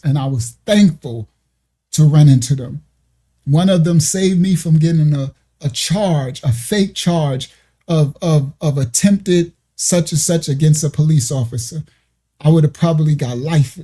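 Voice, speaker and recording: A man's voice: fairly high pitch, dark tone. A man in his fifties, a ministry show host, telling a personal story in a casual, emotional and rambling way, often restarting dates and details.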